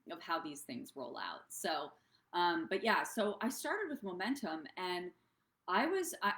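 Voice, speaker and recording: A woman's voice: low voice, fairly bright tone, reverberant. Bubbly, rambling woman on a live stream. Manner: bubbly, rambling, goes off track. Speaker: wellness coach hosting a live stream. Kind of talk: casual live-stream talk.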